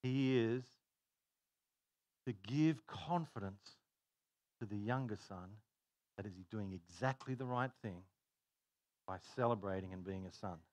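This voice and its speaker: A man preaching a sermon, telling stories in an animated way and laughing at his own jokes. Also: lowish voice, a little slow, long pauses, no echo. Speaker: pastor.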